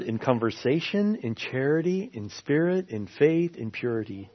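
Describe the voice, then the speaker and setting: A man's voice: medium pitch, animated, normal speed, few pauses. A man preaching a sermon in an earnest way, often repeating his key phrases for emphasis. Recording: slightly dull lo-fi sound.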